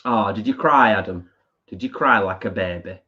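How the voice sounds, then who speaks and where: A man's voice: on the low side, normal speed, sharp tone. A man co-hosting a live stream, chatting casually and reading out viewer comments. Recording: dull lo-fi stream audio.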